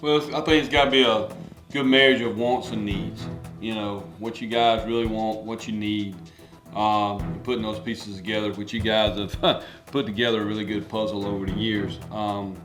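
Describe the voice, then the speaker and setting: A man's voice: lowish voice, steady tone, moderate pace. A middle-aged man, a baseball coach co-hosting an interview, talking in a folksy, emphatic, rambling way. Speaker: baseball coach and podcast host. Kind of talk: casual interview chat. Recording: echoey room with loud music behind.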